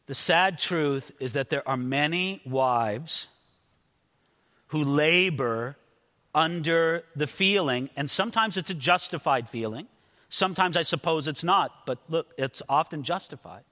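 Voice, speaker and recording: A man's voice: a little high, unhurried, pushed and bright, big-room sound. A man preaching an expository sermon as a pastor, earnest and emphatic, often repeating words as he stresses a point.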